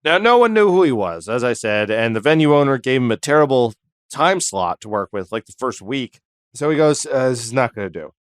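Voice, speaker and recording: A man's voice: medium pitch, sing-song, brisk, clear, resonant tone, no room sound, studio quality. A man co-hosting a comedic history podcast, telling the story in loose, joking banter. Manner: jokey, slips into silly put-on voices while retelling. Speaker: podcast co-host.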